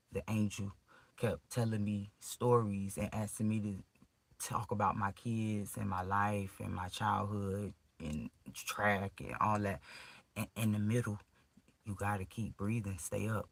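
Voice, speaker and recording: A man's voice: fairly low pitch, gravelly, fairly bright tone, rough recording. A man emotionally recounting a personal ordeal to his viewers in casual, profane, rambling speech full of restarts.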